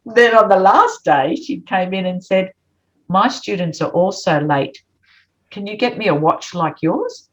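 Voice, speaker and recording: Dull lo-fi audio captures an Australian woman with a medium-pitched, unhurried voice. As a guest, she narrates a story in conversation with animation, performing the voices of the people involved.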